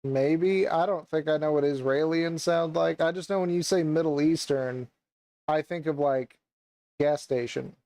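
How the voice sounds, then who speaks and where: Rambling young man, slightly high voice. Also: a little slow, darkish tone, no room sound, rough recording. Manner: rambling, hesitant, many fillers and restarts. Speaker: podcast co-host. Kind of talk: casual chat.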